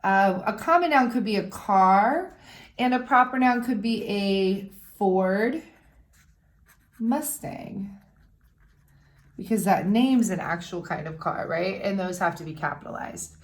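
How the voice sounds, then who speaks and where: A young woman teacher giving a recorded lesson, patiently explaining step by step and sounding out words slowly. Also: medium pitch. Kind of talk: recorded remote classroom lesson.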